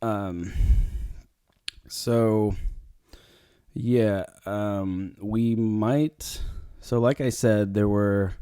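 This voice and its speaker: A man with a low, mellow voice hosts his own casual podcast. He rambles through his thoughts with frequent ums and self-corrections. The sound is close and dry, with no room around it. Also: steady tone, extremely slow, pauses often, smooth, dry recording. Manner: rambling, many fillers and restarts. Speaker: podcast host. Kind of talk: casual solo podcast talk.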